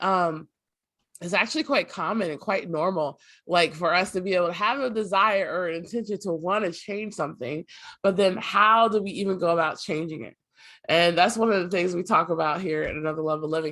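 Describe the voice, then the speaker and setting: A woman host with a somewhat low voice, cheering on her guest. She speaks in an upbeat, encouraging way on a motivational interview show. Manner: upbeat, encouraging, faith-inspired. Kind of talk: motivational talk show chat.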